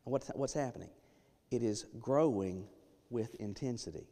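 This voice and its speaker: A male pastor delivers a sermon in an emphatic, dynamic way, sinking to near-hushed lines before building up to loud ones. His voice sits in an ordinary middle pitch for a man. The sound carries a long reverb from a church sanctuary. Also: animated, normal speed.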